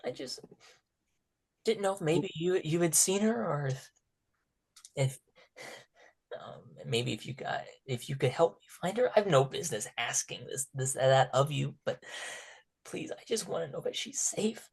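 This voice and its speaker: A man voicing a timid, lonely teenage orphan girl who speaks haltingly and softly, often slipping into a whisper. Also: a little high, expressive, creaky, slightly rough, exaggerated voice. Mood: pleading. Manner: hesitant, halting and soft-spoken, often whispering.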